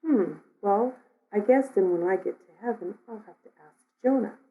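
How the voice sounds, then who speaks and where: A woman's voice: mid-range voice, moderate pace, narrow, tinny audio, close to an everyday voice. A woman voicing a cheeky, undaunted little schoolgirl who answers back matter-of-factly in a sermon story. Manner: matter-of-fact, unbothered.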